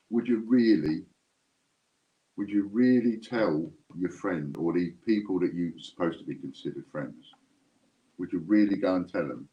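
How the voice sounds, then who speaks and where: Very low-voiced guy rambling at his viewers on a stream, dull muffled audio. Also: darkish tone. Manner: rambling, jokey, talks straight to viewers. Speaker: live stream host. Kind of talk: casual live-stream chat.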